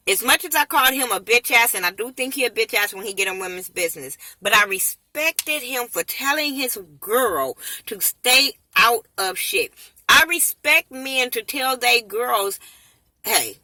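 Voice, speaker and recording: Woman reviewer, casual profane rant, sharp bright tone, dry close sound. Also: on the high side, no room sound, poor audio. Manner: blunt, profane, animated. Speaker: TV show reviewer. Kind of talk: casual ranting commentary.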